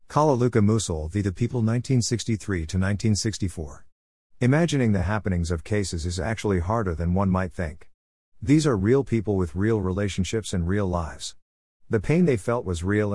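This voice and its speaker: A man's voice: low voice, darkish tone, no room sound, clean studio sound. A man narrating a first-person story in a reflective, wry manner.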